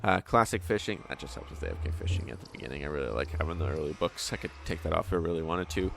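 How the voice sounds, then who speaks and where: A man's voice: very deep voice, animated, very fast, vocal fry, a bit bright, slight background noise. A man hosting his own gameplay channel, chatting casually and swearing freely, his voice tired from many takes. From Canada. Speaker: gaming channel host. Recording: faint background music.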